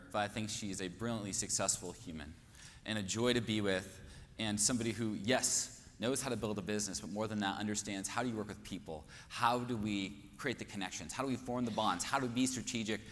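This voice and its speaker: A man's voice: lowish voice, fast, fairly bright tone. Kansas guy hosting a conference on stage, rousing and earnest, big hall echo, faint hum behind. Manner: earnest, rousing, rhetorical questions. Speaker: conference host. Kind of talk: inspirational conference speech. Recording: echoey hall with faint noise.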